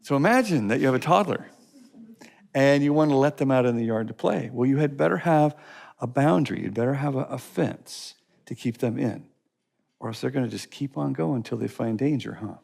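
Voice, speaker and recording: A man's voice: mid-range voice, a little fast, gravelly, a little mellow. A man teaching a course session, speaking emphatically with repetition and stories. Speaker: teacher of a life-skills course. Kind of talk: teaching talk to a class.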